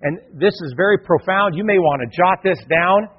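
A middle-aged male pastor preaching a lively sermon, acting out the voices he quotes. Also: sits high, normal speed, breathy edge. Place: church hall. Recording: dull, long-reverb church hall.

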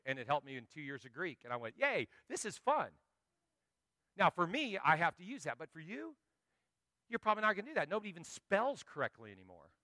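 A middle-aged man preaching a sermon as a pastor, lively and acting out the voices of the people he quotes, swinging between quiet asides and loud bursts. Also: a little high, no echo, clean studio sound.

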